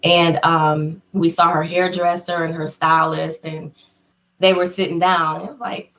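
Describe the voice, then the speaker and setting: A woman guest in an interview, telling an excited story in casual talk, laughing often and acting out what people said. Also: fairly low pitch, measured pace. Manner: excited, acts out quotes in a raised voice; laughs often between phrases.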